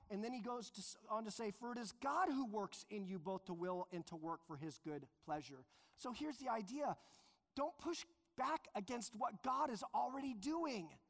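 A man preaching a sermon as pastor, earnest and emphatic, slowing down to stress key phrases. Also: very high voice. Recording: long reverb of a large hall.

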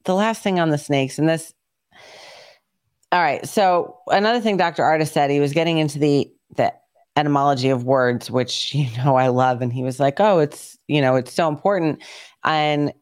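Woman, podcast host, casual rambling chat, quick bursts, dry close sound. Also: low-pitched, darkish tone, smooth, no room sound.

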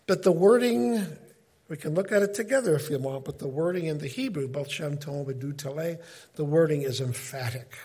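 Husky high-voiced man teaching scripture. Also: fairly quick. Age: middle-aged. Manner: conversational, animated, self-interrupting. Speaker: teacher of a Bible study. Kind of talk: informal Bible teaching.

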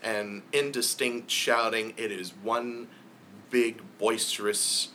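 Unhurried man running a tabletop game, clear bright voice. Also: on the low side, little pitch movement, a little hiss or hum. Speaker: game master.

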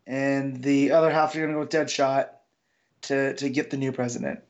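A man's voice: medium pitch, level tone, normal speed, lo-fi sound. A man co-hosting a podcast, chatting about comics in a loose, hesitant way. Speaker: podcast co-host. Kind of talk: casual comic book discussion.

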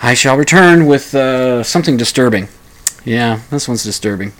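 Rambling, stammering talk radio host. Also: male voice, medium pitch, lively intonation, normal speed. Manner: rambling, stammering restarts, chuckling asides; acts out quoted lines in a raised voice. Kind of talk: talk radio storytelling monologue.

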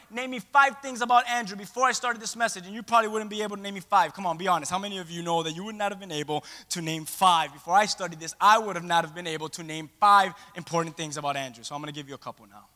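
A male pastor preaching a sermon in a playful, animated storytelling way, acting out the scenes he describes. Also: high-pitched, long reverb tail.

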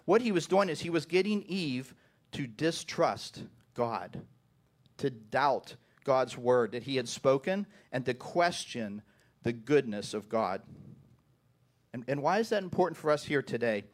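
A man's voice: medium pitch, lively intonation, a little slow. A man preaching a sermon to his congregation. He often repeats the first words of a phrase and keeps asking "right?". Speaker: pastor.

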